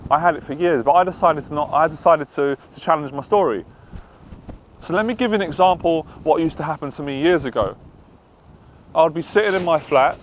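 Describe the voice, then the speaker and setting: Slight background noise sits under this man's fairly high voice in a direct-to-camera monologue. As a dating and anxiety coach, he speaks earnestly and confessionally, at times voicing what's in his head, over slightly dull lo-fi audio.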